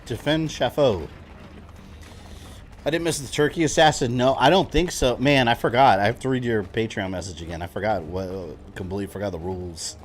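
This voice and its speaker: A man's voice: fairly low pitch, brisk, slight background noise. A young man streaming a video game, rambling casually with chuckling asides. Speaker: gaming streamer. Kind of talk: casual gameplay commentary. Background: game music.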